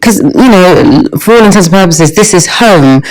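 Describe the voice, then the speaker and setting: A woman with a London accent, a podcast guest talking in a relaxed, thoughtful way. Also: fairly low pitch, normal speed, low-quality recording. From Stockwell, London, England. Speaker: guest, actor and singer. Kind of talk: casual interview chat.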